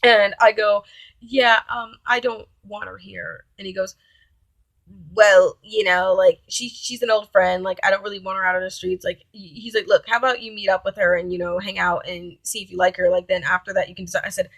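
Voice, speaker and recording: A woman's voice: mid-range voice, fairly even intonation, fairly quick, creaky, a bit bright, no room sound. Blunt, profane young woman telling a story. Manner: blunt, profane, indignant retelling with quoted dialogue. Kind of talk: casual storytime.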